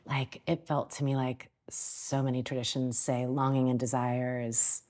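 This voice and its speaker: A woman coach, a guest on a podcast, telling animated stories and laughing often. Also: a bass voice, unhurried. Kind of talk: casual interview chat.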